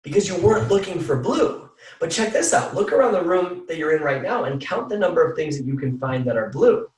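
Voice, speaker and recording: Energetic man coaching in an echoey room. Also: fairly high pitch, brisk, recorded from a distance. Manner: energetic, repeats phrases for emphasis. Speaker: team call speaker. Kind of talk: motivational coaching talk.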